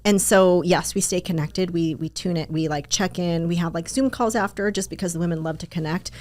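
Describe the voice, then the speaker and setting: A woman's voice: lowish voice, fairly quick, a little mellow. A woman talking casually as a podcast guest, upbeat and chatty, full of "like" and "um". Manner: chatty, upbeat, filler-heavy with "like" and "um". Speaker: podcast guest, business coach. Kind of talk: casual interview chat.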